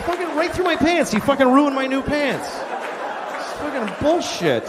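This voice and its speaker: A comedian playing an outraged man at a cash machine who yells in a shrill, high voice over a live audience. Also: sing-song, measured pace, a crowd in the background, heavily acted. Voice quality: shrill and yelling. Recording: live audience and room noise.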